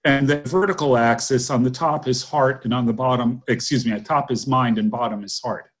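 A man's voice: mid-range voice, fairly quick. A man in a casual discussion, explaining ideas step by step in a methodical way.

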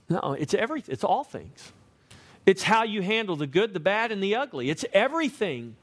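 A man preaching a sermon, emphatic, slowing to stress key words and asking the congregation questions. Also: high voice, big pitch swings. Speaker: pastor.

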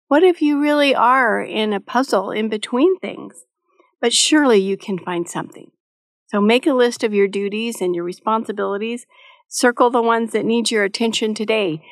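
A woman's voice: mid-range voice, no echo, studio quality. A middle-aged woman giving a devotional teaching talk in a motherly, practical way, with light touches of humor. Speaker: Christian devotional speaker.

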